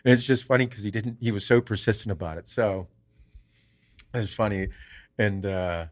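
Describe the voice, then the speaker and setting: A man's voice: lowish voice, moderate pace, dry recording, studio quality. Cursing, laughing man telling a story. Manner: animated storyteller, swears a lot, laughs often, drops to a hush when telling the story. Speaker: podcast host. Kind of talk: casual storytelling chat.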